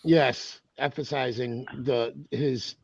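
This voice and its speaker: A man's voice: medium pitch, fairly even intonation, takes it slowly, creaky, darkish tone, slightly rough, no room sound. A man co-hosting a casual wrestling podcast over a video call, rambling and tripping over his words. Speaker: podcast co-host. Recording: dull lo-fi mic.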